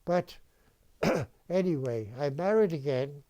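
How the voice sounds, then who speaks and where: A man in his nineties tells old stories in a rambling, halting way, often restarting and clearing his throat. His voice is mellow and warm, sitting slightly high for a man. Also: animated. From Wales. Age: 90s. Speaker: interviewee, retired dentist. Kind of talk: reminiscing storytelling.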